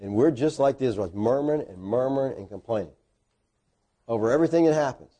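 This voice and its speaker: Man, preacher, middle-aged, sermon, very lively pitch, folksy self-deprecating humor. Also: quick pace. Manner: animated storytelling with sudden loud, high bursts.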